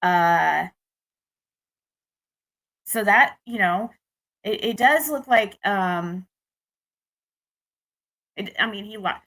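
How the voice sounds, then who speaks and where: Speaking extremely slowly with long pauses, a young adult American vlogger shares a rambling dating story to camera. Her medium-pitched voice is fairly bright, and she restarts and vents her frustration along the way.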